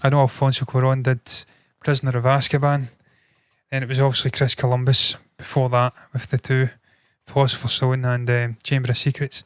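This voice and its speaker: A man's voice: mid-range voice, completely flat delivery, brisk, a bit bright, smooth, dry recording, studio quality. A man hosting an entertainment news show, giving casual, opinionated commentary. He swears freely and thinks aloud, correcting himself as he goes.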